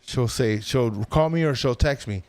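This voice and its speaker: A male podcast guest rambles through a story, swearing freely and animatedly performing what people said. His mid-range voice is unhurried, and there's no echo.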